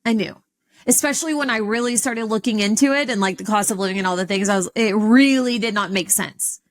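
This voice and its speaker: A woman hosting a podcast, telling a personal story in an animated, expressive way with sudden jumps in pitch. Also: fairly quick. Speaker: podcast host.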